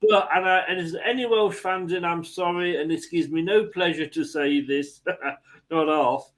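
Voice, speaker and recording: Chatty, high-voiced English man. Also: steady tone, moderate pace, a bit bright, rough recording. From England. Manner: chatty, laughs often, many restarts. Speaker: host. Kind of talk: casual football chat.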